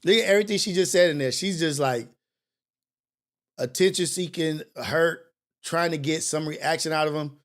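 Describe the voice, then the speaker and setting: Animated man preaching casual commentary. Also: on the high side, moderate pace. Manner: animated, preachy and confessional, with slang and cursing. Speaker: morning show host.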